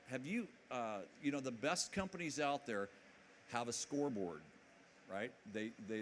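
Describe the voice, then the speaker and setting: A man's voice: medium pitch, slight background noise. A man giving a motivational conference talk to a live audience in a hall. He talks energetically, jokes and keeps asking the crowd questions. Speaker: conference speaker.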